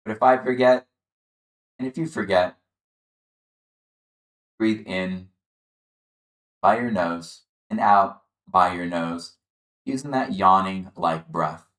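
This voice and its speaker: A man leading a chair yoga class, calmly guiding the listener through breathing and gentle movement. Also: low-pitched, slow, pauses often, roomy sound. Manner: calm, encouraging, guiding the breath step by step. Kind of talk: guided exercise instruction.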